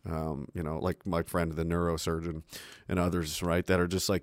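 A man's voice: deep voice, flat delivery, moderate pace, dry recording. A man live streaming who chats casually into a close mic on an arm, rambling, swearing and mocking himself. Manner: rambling, profane, self-mocking. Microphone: close studio mic on an arm.

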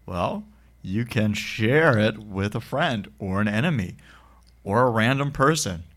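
A man with a bright, clear voice hosts a casual podcast. He talks in a relaxed, offhand way and laughs often between lines. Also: on the low side, measured pace. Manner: laid-back, laughs often. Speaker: podcast co-host.

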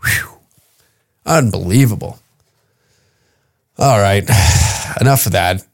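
A man's voice: fairly low pitch, animated, slow pace, gravelly. A man hosting a comedy podcast, ranting in an exasperated, profane way. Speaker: podcast host.

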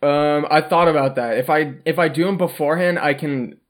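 A man's voice: a little high, fairly quick. A man co-hosting a podcast who talks about a movie in a wry, offhand way, often trailing off mid-thought. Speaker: podcast co-host. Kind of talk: casual movie-review chat.

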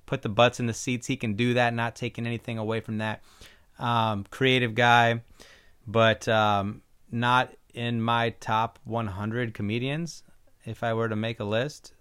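Smooth-voiced opinionated podcast man. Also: medium pitch, flat delivery, unhurried, a bit bright. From Iowa. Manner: opinionated, rambling, frequent ums. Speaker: podcast host. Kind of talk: casual solo podcast commentary.

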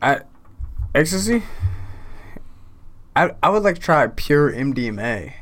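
A man's voice: on the high side, very animated, measured pace, background noise. A man co-hosting a casual podcast, laid-back, cursing freely and trailing off into mumbles. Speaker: podcast co-host. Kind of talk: casual chat.

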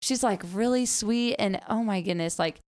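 A young woman in casual chat, talking about being a mother in an animated way, with lots of "like" fillers and quoted lines in a high voice. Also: normal speed, crowd noise.

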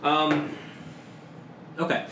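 A man narrating as game master in a loose, hesitant way with many pauses. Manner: loose, hesitant, lots of ums. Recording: roomy and noisy.

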